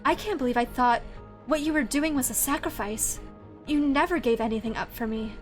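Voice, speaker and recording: A woman reads out a cold female ghost from a dating game, her voice dropped lower and hushed. Her line delivery stays slow and soft, tender on the surface with menace underneath. Faint music hums behind her. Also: lightly acted. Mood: bitter. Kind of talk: reading a dating game's lines aloud.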